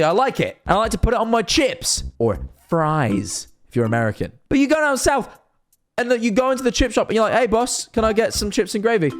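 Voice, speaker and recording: A young man, rambling cheekily and animatedly to camera in a casual monologue. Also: high-pitched. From northern England. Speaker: streamer and vlogger.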